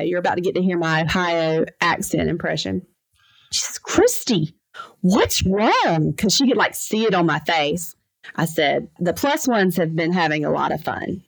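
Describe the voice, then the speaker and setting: A woman lawyer telling lively anecdotes in a casual interview, acting out the voices of the people in her stories. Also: mid-range voice, no room sound, low-quality recording. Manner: animated, fast anecdotes with lively quoted voices. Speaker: trucking lawyer, podcast guest.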